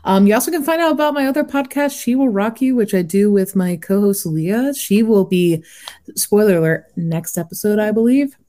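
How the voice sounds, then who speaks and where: A woman's voice: medium pitch, moderate pace, mellow. A woman hosting a podcast, chatting casually and laughing often. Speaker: podcast host.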